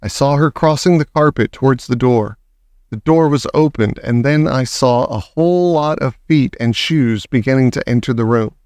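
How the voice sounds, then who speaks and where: A man reading a children's novel aloud in a measured, expressive first-person narration. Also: mid-range voice, dry recording, clean studio sound. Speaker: audiobook narrator. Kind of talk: storybook reading.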